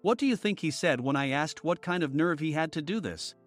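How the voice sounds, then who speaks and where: A man narrating a first-person workplace story in an even storytelling manner. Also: fairly high pitch, fairly quick. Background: faint music.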